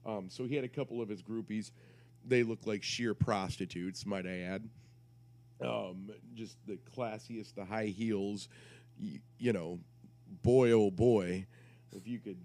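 Low-voiced man spinning a rambling, crude tale. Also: darkish tone. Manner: rambling, crude, self-interrupting anecdote. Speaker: podcast co-host. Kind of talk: casual podcast storytelling.

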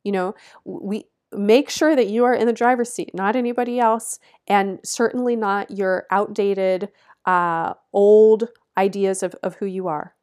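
A woman astrologer gives a forecast in an earnest, encouraging way, driving her points home with repeated instructions and soft laughs between phrases. Her mid-range voice is fairly even in intonation, unhurried and somewhat dark in tone.

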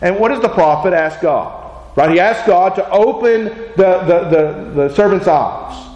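A man with a high voice delivers a teaching sermon in a casual, conversational manner. He often asks rhetorical questions and tags on "right?" as he goes. The sound bounces around a reverberant room. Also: unhurried, darkish tone, lo-fi sound. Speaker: preacher. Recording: echoey room.

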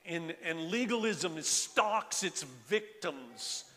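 An older male pastor preaching slowly and conversationally, with a fairly high, bright voice. He often restarts his sentences and asks the congregation to raise their hands. His voice trails off in the long reverb of a large sanctuary. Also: expressive. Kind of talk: sermon. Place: church sanctuary.

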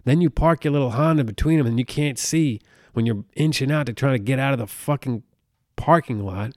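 A man's voice: mid-range voice, fairly quick, a little mellow, dry recording, studio quality. A man in his thirties from the United States hosting a podcast, ranting casually in a profane, rambling, exasperated way. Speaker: podcast host.

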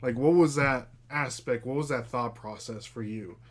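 In a casual livestream with his wife, a reseller podcast host talks at a normal speed in a medium-pitched voice. He rambles with lots of fillers, chatting away to viewers and his dog.

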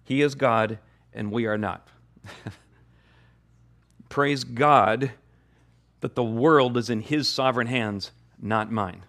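A man's voice: mid-range voice, slow pace, pauses often, fairly bright tone. A male pastor preaching a sermon, repeating key phrases for emphasis.

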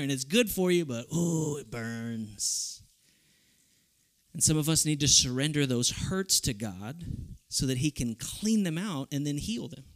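A man from South Texas preaching to young people, animated and humorous, acting out voices in his stories. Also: mid-range voice. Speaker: youth camp speaker. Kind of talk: youth sermon with storytelling.

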